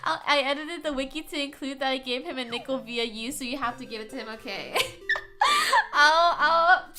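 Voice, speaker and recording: Young female streamer, playful and dramatic, high animated voice over background music. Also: normal speed. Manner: playful, dramatic, giggly, teasing. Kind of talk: casual live-stream chat with viewers.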